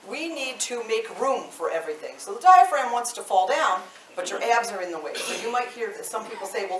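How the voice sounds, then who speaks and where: Speaking at a medium pitch, a female voice teacher and choir director leads a live singing workshop, chatting with the group and tacking "okay?" onto almost every point. A distant room mic captures her across a large, echoey space, with faint hiss beneath.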